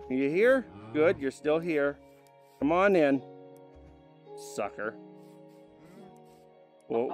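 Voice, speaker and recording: Chatty and lively, a mid-range-voiced man hosts a gaming video, commenting casually on what he's playing. Now and then he shouts out loud or coaxes animals and his dog.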